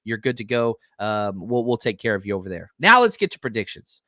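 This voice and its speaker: A man's voice: fairly low pitch, brisk, dry recording, clean studio sound. A man hosting a sports podcast in a casual, enthusiastic way, with many ums and uhs. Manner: enthusiastic, excitable, loose with fillers. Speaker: podcast host.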